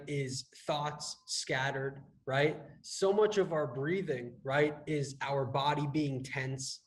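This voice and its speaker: Over poor audio, a man with a voice on the high side talks casually on a business podcast as a fitness and health coach. He rambles, restarts a great deal, and tends to end his points with "right?"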